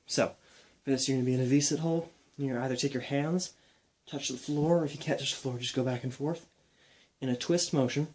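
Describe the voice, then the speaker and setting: Young man, fitness instructor, casual demo talk, mid pitch, counts reps aloud. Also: fast talker. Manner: relaxed, talks while demonstrating moves, counts reps aloud. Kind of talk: casual exercise demonstration.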